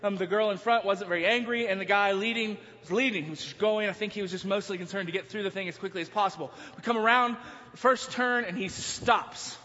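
A man preaching a sermon, telling a story in an animated way, now and then breaking into yelling. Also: high-pitched, brisk. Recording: dull sound, long hall reverb.

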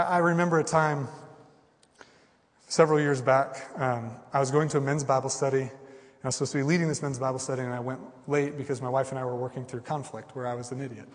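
A man preaching a sermon with passion, jumping from loud outbursts to hushed, quiet asides. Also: a little high, steady tone, fairly quick. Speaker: pastor. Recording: long hall reverb.

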